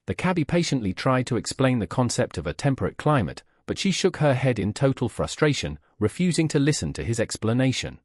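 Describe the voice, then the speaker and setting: A man's voice: mid-range voice, big pitch swings, a little fast, few pauses, a little mellow, dry recording, studio quality. A man narrating scripted anecdotes in a wry storytelling manner.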